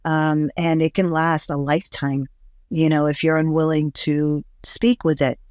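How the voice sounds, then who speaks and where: Low, smooth-voiced woman podcast host. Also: flat delivery, unhurried, a little mellow, dry recording, clean studio sound. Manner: flowing, reflective, with frequent fillers. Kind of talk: casual conversation.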